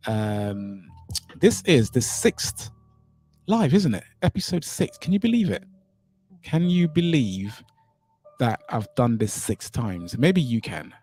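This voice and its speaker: A man's voice: medium pitch, sing-song, takes it slowly, a little mellow, husky. A man from Saint Kitts and Nevis hosting a casual live stream, rambling and thinking aloud as he fiddles with his settings. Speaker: livestream host. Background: faint music.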